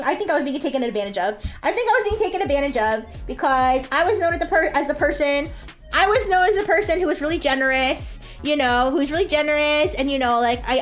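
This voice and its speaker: A woman's voice: high voice, a bit bright. A woman streamer telling a story casually to her chat while drawing, laughing often and swearing freely.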